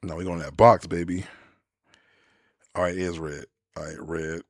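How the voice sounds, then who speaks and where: A man, chatting casually to viewers while streaming a game, rambling and animated with many restarts. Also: low-pitched, moderate pace. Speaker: gaming streamer. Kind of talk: casual live-stream chat while playing.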